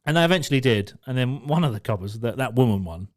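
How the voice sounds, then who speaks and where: A young man tells a rowdy story on a podcast. He swears freely and laughs through it. His voice sits at a middle pitch. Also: lively intonation, fast. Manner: swearing, laughing, acts out shouted quotes. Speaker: podcast co-host. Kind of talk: casual storytelling chat.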